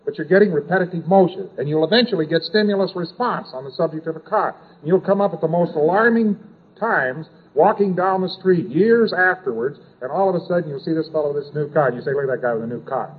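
A man's voice: a little high, fast, slightly rough. A man giving an informal lecture, rambling and repetitive, dropping in sound effects and asides. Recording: tinny old lecture tape.

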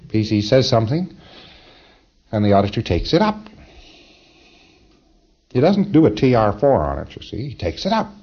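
A man's voice: lowish voice, a little mellow. Chuckling male lecturer on dull tape. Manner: conversational, emphatic, chuckles often. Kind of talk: informal training lecture.

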